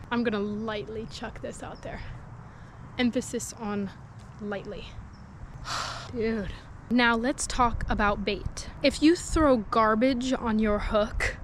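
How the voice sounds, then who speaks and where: A young woman with a fairly high voice chats to her viewers while fishing outdoors, joking and dropping quiet asides. Faint background noise sits under her voice. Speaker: fishing vlogger. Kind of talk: casual vlog talk to camera. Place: outdoors by the water.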